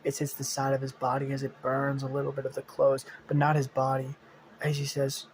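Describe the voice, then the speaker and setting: A man's voice: medium pitch, monotone, brisk, a little hiss or hum. Young male host improvising fan-story narration; rambling, profane. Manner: rambling, profane, restarts often.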